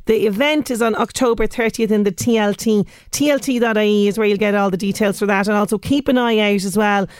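A woman's voice: mid-range voice, steady tone, brisk, hardly any pauses, smooth, dry recording, studio quality. An Irish woman presenting local radio, chatty and enthusiastic as she links items and interviews a guest. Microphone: studio microphone.

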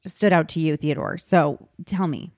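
A woman's voice: low-pitched, animated, vocal fry, a little mellow, no echo, studio quality. A woman hosting a casual podcast book discussion, chatty and emphatic. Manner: chatty, emphatic, fast bursts with stretched words. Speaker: podcast host.

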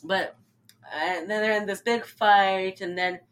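A woman co-hosting a podcast animatedly recaps a film, acting out lines in funny voices and laughing often during the casual chat. Her voice is medium-pitched and her pace measured.

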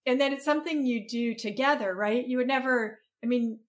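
Thoughtful woman with a slightly high voice. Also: fairly quick. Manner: thoughtful, searching, many restarts. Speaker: guest. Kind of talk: podcast conversation.

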